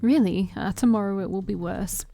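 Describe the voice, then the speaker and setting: A woman's voice: mid-range voice, moderate pace, vocal fry, warm tone, close to an everyday voice. A woman voicing a cheerful, blunt young woman in a visual novel, over faint music. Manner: bubbly, blunt.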